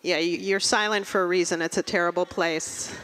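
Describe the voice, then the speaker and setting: Deadpan woman doing stand-up. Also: on the low side, brisk, clean tone, long reverb tail. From Russia. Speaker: stand-up comedian. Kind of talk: stand-up comedy set.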